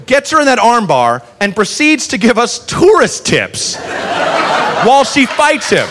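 A man doing stand-up with a high-set voice that leaps all over the place as he tells his story. He swears freely and keeps slipping into the voices of the people in it. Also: crowd noise, background noise. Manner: animated, profane, quick to act out characters. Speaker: stand-up comedian.

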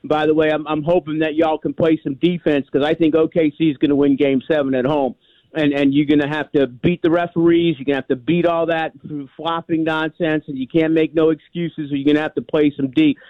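A man's voice: a little high, little pitch movement, fairly quick, no echo. A man in his sixties from New York, calling in to a sports radio show and rambling emphatically, with many repeats. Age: 60s. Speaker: caller. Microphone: telephone. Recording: tinny phone line.

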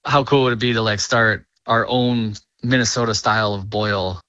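A chef speaking in a chatty, upbeat way in an interview. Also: male voice, lowish voice, steady tone, moderate pace, pushed and bright, dry recording, highs cut off. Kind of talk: casual interview.

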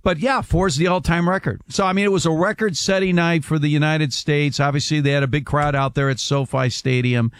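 A man's voice: on the high side, fairly even intonation, brisk, few pauses. A middle-aged man co-hosting a radio show, chatting casually and explaining sports facts. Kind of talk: casual talk radio chat.

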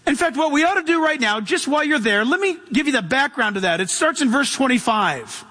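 Male preacher with a very high voice, emphatic sermon delivery and a long hall echo. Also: lively intonation, a little fast, bright, forceful tone. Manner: emphatic, with rhetorical questions and calls to the congregation.

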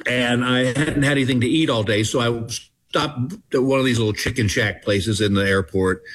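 A man's voice: mid-range voice, a bit bright. A man in his sixties from Texas, a comedian telling folksy, self-deprecating stories in a casual interview. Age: 60s. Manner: folksy, self-deprecating, chuckles between lines. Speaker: comedian guest. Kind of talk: casual phone interview storytelling.

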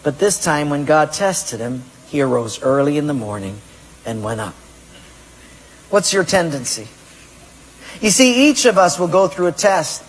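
A pastor preaching to his congregation, with a husky, fairly high voice. His words ring out with long reverb in a church hall. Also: big pitch swings, measured pace, long pauses. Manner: questions the congregation directly, storytelling. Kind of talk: sermon.

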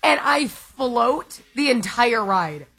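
Woman co-host, high and a bit breathy, lively laughing storyteller, casual talk-show banter. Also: slow, faint music behind. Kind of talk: casual chat.

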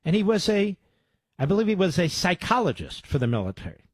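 A man's voice: high-pitched, big pitch swings, brisk, husky, no room sound. Sarcastic male talk radio host, dry. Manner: sarcastic, interrupts clips with insults. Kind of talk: combative political talk radio commentary.

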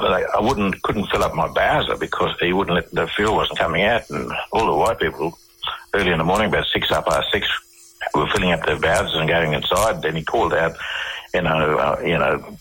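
Guest: Australian man, low and bright-edged, husky, rambling restarts. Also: poor audio. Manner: rambling, repeats and restarts words. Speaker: interview guest. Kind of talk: conversational storytelling.

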